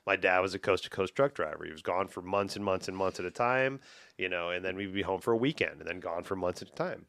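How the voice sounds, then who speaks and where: A man hosting a podcast, telling stories in casual conversation, animated and full of profanity. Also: low voice, fast, slight background noise. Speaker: podcast host.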